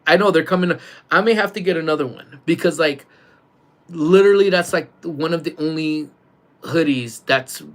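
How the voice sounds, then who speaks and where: Loud, laughing male livestream host. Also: a little high, normal speed. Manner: loud, laughing, joking banter. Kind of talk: casual livestream chat.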